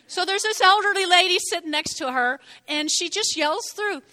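An older woman preaching a sermon in an animated way, often checking in with "okay?" and "all right?". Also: very high-pitched, normal speed. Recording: reverberant hall.

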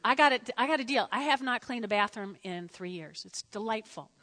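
High, bright-voiced woman preaching. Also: a little fast, long reverb tail. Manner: animated, repeats phrases, asks the congregation to respond. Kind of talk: sermon. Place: church sanctuary.

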